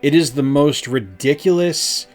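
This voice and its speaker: A man's voice: on the high side, unhurried, a little mellow, faint music behind. Enthusiastic rambling man reviewing a game. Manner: enthusiastic, rambling with many fillers. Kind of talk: casual review chat.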